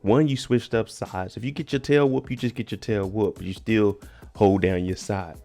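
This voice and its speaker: Gravelly man recapping a TV episode. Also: on the low side, fairly even intonation, normal speed, dark tone, soft background music. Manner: slangy, joking, talks straight to viewers. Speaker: TV recap vlogger. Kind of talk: casual show recap commentary.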